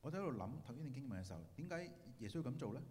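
A man interpreting a sermon into Cantonese, quick and halting with fillers. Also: mid-range voice, very animated, dark tone. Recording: hall reverb.

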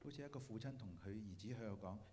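A man interpreting a sermon into Cantonese, quick and halting with fillers. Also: on the low side, mellow, a little hiss or hum. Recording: hall reverb.

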